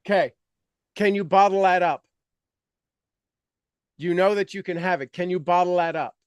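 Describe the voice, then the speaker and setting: Guy coaching a visualization over a video call, kinda high voice, very dry close sound, pushes you to get physical. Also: normal speed, clear, resonant tone, dry recording. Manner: energetic, coaxing, acts out reactions. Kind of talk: guided visualization workshop. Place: online video call session.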